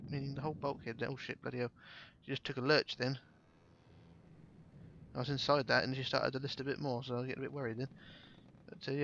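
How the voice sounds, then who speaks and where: Male gameplay commentator, gravelly and bright, chatty, slightly muffled home recording with faint hiss. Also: medium pitch. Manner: chatty, swears casually, thinks aloud.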